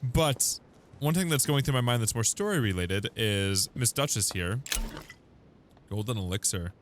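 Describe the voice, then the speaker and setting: A man's voice: lowish voice, lively intonation, normal speed, a little hiss or hum. A chatty young man giving let's play commentary on a video game, laughing often. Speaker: gaming YouTuber.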